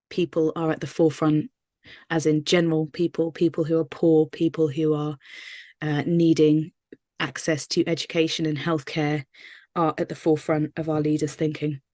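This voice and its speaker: Low-voiced earnest woman musician, dry sound. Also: little pitch movement, normal speed, warm tone, no room sound. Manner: earnest, thoughtful, many fillers and restarts. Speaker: singer-songwriter interviewee. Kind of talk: casual interview answers.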